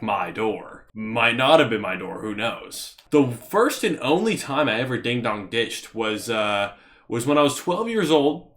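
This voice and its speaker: Young man rambling through a story. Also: mid-range voice. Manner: rambling, animated storytelling with many fillers. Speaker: vlogger. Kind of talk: casual storytelling.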